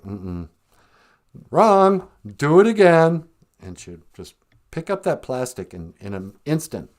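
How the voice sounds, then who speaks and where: A man's voice: fairly low pitch, darkish tone. A man hosting a casual live-stream podcast, telling jokey stories and laughing often. He is outdoors on a back porch. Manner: joking storyteller, laughs often. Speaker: podcast host.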